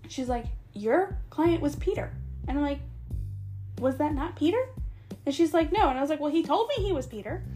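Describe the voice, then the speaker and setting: A woman's voice: high-pitched, brisk, soft background music. A young woman, a massage therapist, telling a story in casual chat and acting out the dialogue with laughs. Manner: animated, acts out dialogue with laughs. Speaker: podcast co-host, massage therapist.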